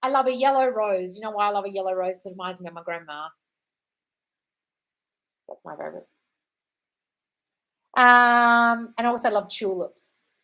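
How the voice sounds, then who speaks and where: A woman's voice: mid-range voice, moderate pace, pauses often, pushed and bright. A woman hosting a live stream, reading viewer comments aloud and answering them bluntly, often calling people darling. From United Kingdom. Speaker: livestream host answering viewer questions.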